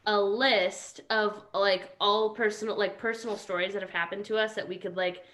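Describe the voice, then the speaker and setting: A woman's voice: mid-range voice, fairly even intonation, normal speed, fairly bright tone. A woman, a comedy musician, chatting casually at home over a video call in a rambling way.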